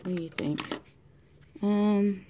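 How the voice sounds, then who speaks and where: A woman talking through a colored-pencil tutorial in a chatty way, thinking aloud and often dropping to a soft whisper. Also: mid-range voice, slow pace, noisy background. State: has the hiccups. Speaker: art tutorial host. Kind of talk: casual drawing tutorial narration. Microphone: camera mic close to the desk.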